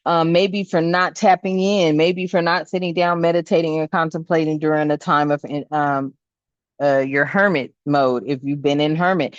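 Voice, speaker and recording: A woman's voice: on the low side, no room sound. A woman doing a tarot reading in a casual chat, laughing often and swearing freely in slangy speech. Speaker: tarot reader. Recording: dull, slightly lo-fi sound.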